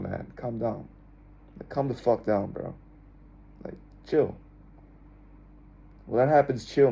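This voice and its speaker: A man's voice: mid-range voice, dark tone. A young man talking to his viewers in a casual, laid-back monologue, often repeating himself and adding "man" and "bro". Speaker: vlogger.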